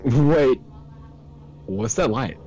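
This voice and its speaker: A man's voice: mid-range voice, lively intonation, very slow, warm tone. A young man in casual multiplayer game chat, jumpy, laughing and panicky. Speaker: gamer.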